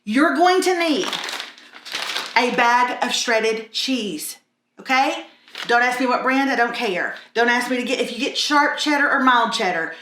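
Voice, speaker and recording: High, bright-voiced sarcastic woman cooking. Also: expressive, unhurried, echoey room, a little hiss or hum. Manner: sarcastic, blunt and self-mocking. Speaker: cooking vlog host. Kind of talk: casual cooking tutorial.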